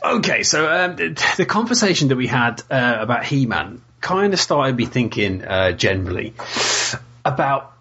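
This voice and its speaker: A man's voice: medium pitch, very animated, moderate pace, bright, forceful tone, husky, lo-fi sound, soft background music. A man from the UK hosting a comedy podcast, chatting casually with crude jokes and frequent laughter. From United Kingdom. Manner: jokey, crude, laughs often. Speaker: podcast host.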